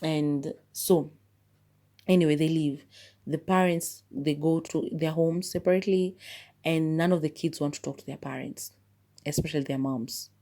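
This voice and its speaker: A woman podcast host with a low voice and a warm, mellow tone. She walks through a film's plot in easygoing conversation, filling the gaps with "like" and shrugging off details with "blah, blah, blah.". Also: steady tone, moderate pace. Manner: chatty, loose retelling with many "like" fillers and "blah, blah, blah". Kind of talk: casual movie review retelling the plot.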